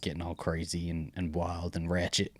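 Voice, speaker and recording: A man co-hosting a podcast in relaxed, casual chat, hedging with fillers. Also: sits low, moderate pace, no room sound. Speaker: podcast co-host.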